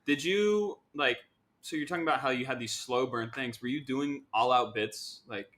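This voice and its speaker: A man's voice: medium pitch, moderate pace, fairly bright tone. A man hosting a casual podcast interview, encouraging his guest and asking loose, rambling questions. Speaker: podcast host.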